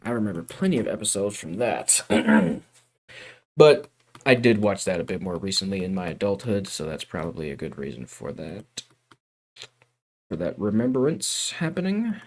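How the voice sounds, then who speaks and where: Lively rambling young streamer guy. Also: low voice, moderate pace. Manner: rambling, swears freely, drifts from loud to muttered. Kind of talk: casual livestream chat.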